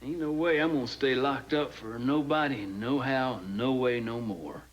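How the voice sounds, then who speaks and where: An actor playing a boastful, folksy alter ego with a Southern US accent in a soap opera. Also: male voice, mid-range voice, normal speed, lightly acted, poor audio. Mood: swaggering. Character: brash crude Southern alter ego, grown man.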